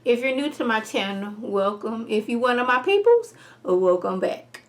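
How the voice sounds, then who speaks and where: A woman giving a casual vlog review of a TV episode, retelling scenes in an animated, emphatic way. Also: moderate pace. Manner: animated, emphatic storytelling with rising pitch on key points.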